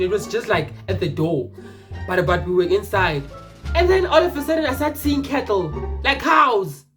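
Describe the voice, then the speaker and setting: A young man from Mpumalanga telling a personal story in a rambling, animated, casual way, with swearing and restarts. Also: high-pitched. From Mpumalanga, South Africa.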